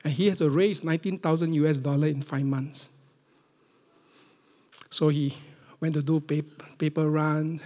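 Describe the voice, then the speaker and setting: A middle-aged man from Singapore, preaching a sermon. He tells stories with big swings from loud emphasis to near-whispers. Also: on the high side, big-room sound. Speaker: pastor.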